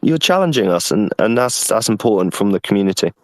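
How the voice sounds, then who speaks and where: A man's voice: lowish voice, big pitch swings, fast talker, a little mellow. A man answering questions on an online call, earnest and often repeating words as he thinks. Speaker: guest representing a project.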